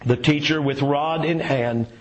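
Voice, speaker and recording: Folksy preacher man, slow storytelling. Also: on the high side, steady tone, low-quality recording. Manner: folksy, repeats words, many "you know" and "uh" fillers. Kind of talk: sermon with a read-aloud story.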